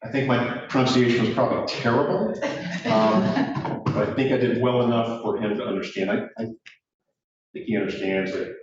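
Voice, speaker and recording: A man's voice: medium pitch, moderate pace. Man giving a self-deprecating ceremony speech; distant mic, echoey room. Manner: joking, self-deprecating storyteller. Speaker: speaker at a ceremony. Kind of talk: casual speech. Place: courtroom. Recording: echoey room from far off, dull.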